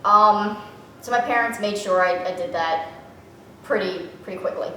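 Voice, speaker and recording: A young woman from Louisiana, excitedly unboxing a package and gushing and gasping in delight. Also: medium pitch, moderate pace, slight background noise. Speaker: vlogger. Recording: echoey room, from a distance.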